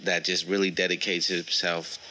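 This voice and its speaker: A man being interviewed as a rapper, talking in a halting, casual way with lots of slang, swearing and repeated words. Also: low voice, level tone, background noise. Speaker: rapper, guest.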